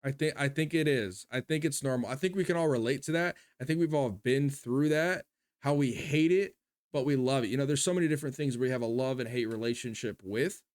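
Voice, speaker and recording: A man who is a youth pastor, giving excitable reaction commentary with many exclamations, then reflecting as he reads lyrics aloud. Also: mid-range voice, brisk. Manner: excitable, exclaims often, says "dude" and "bro".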